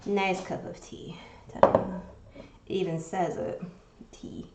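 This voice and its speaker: A woman's voice: on the low side, steady tone, slow pace. Swearing, easily amused young woman streamer. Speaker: livestreamer. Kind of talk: casual chat to stream viewers. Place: home kitchen indoors. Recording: echoey room with loud background noise.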